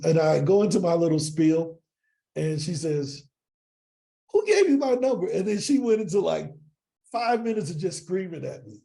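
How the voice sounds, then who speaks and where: A man from East St. Louis, a podcast guest telling animated stories and often checking in with "right?". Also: a little high, creaky. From East St. Louis, Illinois. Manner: animated storyteller, keeps asking "right?". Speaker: podcast guest, sales coach. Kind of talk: casual interview storytelling.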